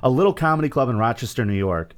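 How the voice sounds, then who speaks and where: Teasing podcast host with music behind. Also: male voice, mid-range voice, animated, fast. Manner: teasing, joking banter. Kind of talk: casual chat and sponsor reads.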